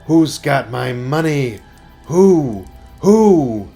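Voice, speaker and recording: A man voicing the ghost of a dead woman who slowly wails for her stolen coins. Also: mid-range voice, animated, vocal fry, mellow, faint music behind, voice pushed up, exaggerated voice. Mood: wailing. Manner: slow, drawn-out wailing cries.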